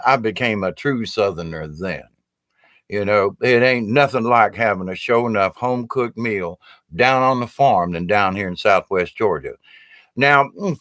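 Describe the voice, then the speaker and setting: A man's voice: mid-range voice, fairly bright tone, no echo, clean studio sound. Folksy older Southern storyteller man. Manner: folksy, rambling, drawn-out speech full of "you know". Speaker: storyteller and puppeteer. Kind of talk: rambling humorous storytelling monologue.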